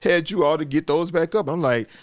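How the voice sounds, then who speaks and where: A middle-aged man from Arkansas, telling stories in a casual, animated way and acting out bits of dialogue. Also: on the high side, fairly quick, dry recording, clean studio sound. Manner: folksy, animated, acts out dialogue with restarts. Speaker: podcast host and guest speaker. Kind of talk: casual storytelling conversation.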